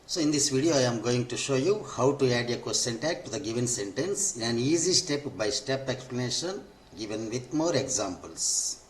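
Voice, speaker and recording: A man's voice: medium pitch, lively intonation, moderate pace, a little hiss or hum. A man teaching an English grammar lesson, who repeats each point and spells out the forms step by step. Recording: echoey room.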